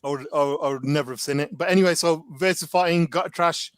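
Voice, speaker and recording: A man with a fairly high voice talks fast and smoothly, recorded dry. He's a guest in a casual chat, animatedly telling stories full of slang and filler words.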